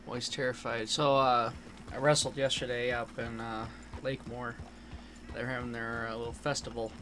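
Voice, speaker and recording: A man's voice: medium pitch, little pitch movement, normal speed, a bit bright, soft background music. A man streaming a game and chatting casually, in a rambling way that corrects itself as he goes. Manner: rambling, laughing, self-correcting. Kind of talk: casual gaming chat.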